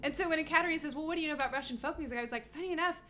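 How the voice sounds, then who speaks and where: A woman guest on an interview podcast, telling stories in a casual, animated way, full of fillers and laughs. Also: high voice, rapid-fire, a little hiss or hum. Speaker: guest musician.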